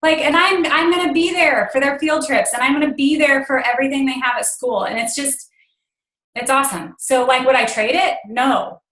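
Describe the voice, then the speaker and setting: A woman's voice: high-pitched, fairly even intonation, normal speed, fairly bright tone, echoey room, low-quality recording. A woman in her thirties, a guest speaker on a team call, telling a personal story in an earnest way with many fillers. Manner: earnest, emotional at times, filler-heavy.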